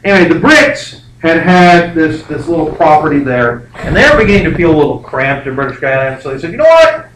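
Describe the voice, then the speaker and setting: A man's voice: fairly high pitch, fairly quick, few pauses, fairly bright tone, recorded from a distance. A male history teacher giving a rambling, joking classroom lecture full of fillers. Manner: rambling, jokey, many fillers. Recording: echoey classroom, faint background noise.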